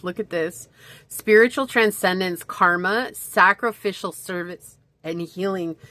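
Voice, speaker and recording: A woman's voice: fairly low pitch, measured pace, bright, forceful tone, no echo. A woman giving a chatty, reflective pick-a-card tarot reading, full of fillers and asides, hiccuping at times. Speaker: tarot reader.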